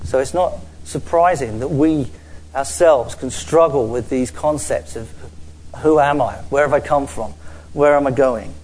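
A man preaching a sermon to a church audience, earnest and halting, restarting and repeating words, and slowing down to stress key phrases. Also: mid-range voice, darkish tone, poor audio. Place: church gathering with a screen before an audience.

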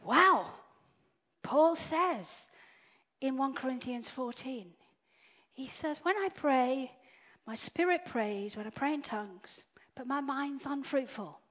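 A woman preaching a sermon, swinging from loud declarations to hushed whispers. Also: high voice, lively intonation, slow. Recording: dull lo-fi sound.

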